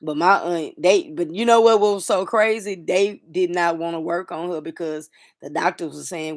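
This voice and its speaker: Gravelly-voiced middle-aged woman talking softly. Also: fairly low pitch, moderate pace, no echo, studio quality. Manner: soft-spoken, grieving, rambling with fillers and restarts. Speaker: host of a livestream chat. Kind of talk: casual personal talk to viewers.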